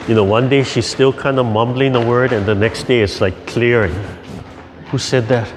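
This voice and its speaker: A man's voice: lowish voice, background noise. Older guy teaching tai chi on a video call, chatty and laughing, says "yeah?" a lot. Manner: laughing, easygoing, tags lines with "yeah?" and "right?". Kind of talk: chatty storytelling between exercises.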